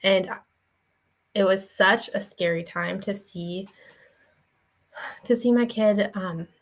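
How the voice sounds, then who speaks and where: Young woman with a gravelly voice. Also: medium pitch, slow pace, rough recording. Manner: conversational, many fillers and restarts; earnest, shares personal story. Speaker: faith vlogger and parent. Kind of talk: casual devotional talk.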